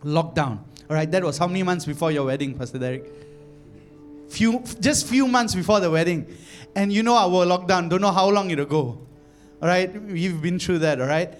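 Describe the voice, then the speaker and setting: A man from Malaysia preaching a sermon, telling an animated story with many repeated phrases that builds to fervent exclamations. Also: sits high, moderate pace, soft background music. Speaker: pastor.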